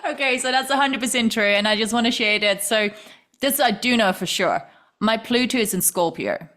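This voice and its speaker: A woman hosting a relaxed interview chat, animated and laughing easily as she acts out what people said. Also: a little high, normal speed. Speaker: podcast host and yoga teacher.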